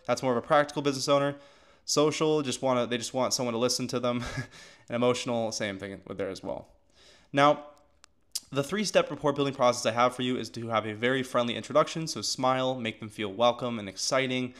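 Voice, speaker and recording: A man's voice: medium pitch, fast talker, a bit bright. Chatty man coaching on sales. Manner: loose and chatty, heavy filler words and restarts. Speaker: agency coach. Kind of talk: casual teaching of sales calls.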